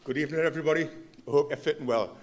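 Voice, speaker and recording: A man's voice: fairly high pitch, racing. A Geordie man from Gateshead, a chief fire officer, giving a rambling, jokey welcome speech in a hotel function room. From Gateshead, North East England.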